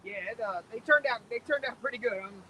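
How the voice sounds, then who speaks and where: Laid-back Philadelphia man, live-stream chat, very high voice, faint outdoor hum. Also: fairly quick, highs cut off. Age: adult, middle-aged or older. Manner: laid-back, chuckling, talks to viewers by name. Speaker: fishing vlogger reading live chat. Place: boat on a river at dusk, outdoors.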